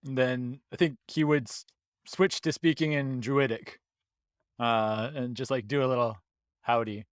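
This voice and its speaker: A man playing in a tabletop game, halting and thinking aloud. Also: medium pitch, steady tone, no room sound, studio quality. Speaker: player.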